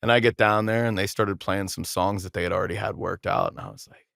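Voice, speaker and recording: Low-voiced man telling rambling stories. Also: a little fast, vocal fry, dry recording, studio quality. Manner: rambling, animated storyteller acting out quotes, frequent restarts. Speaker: podcast guest, musician. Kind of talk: casual storytelling interview.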